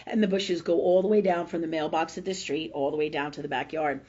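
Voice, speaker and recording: A woman hosting a casual spiritual talk show, animated and profane, who keeps asking "right?" as she talks. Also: sits low, fast talker, breathy edge, lo-fi sound. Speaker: host.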